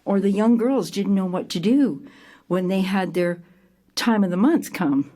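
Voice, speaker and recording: An older woman telling a personal story to an audience, lively and animated, acting out scenes with sudden jumps in pitch and loudness. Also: a little slow. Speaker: theater company founder telling her story.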